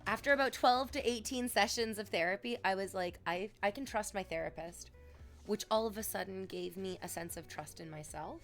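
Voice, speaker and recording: A woman streamer telling long candid stories to her chat, rambling and swearing, with sudden dramatic swells. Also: mid-range voice. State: sick.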